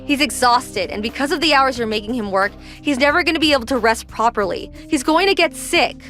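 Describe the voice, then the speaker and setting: Worried wife in an animated drama, pushing hard for answers. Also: female voice, high voice, a little fast, faint music behind. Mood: worried, insistent. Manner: confronting, insistent. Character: worried, protective young wife.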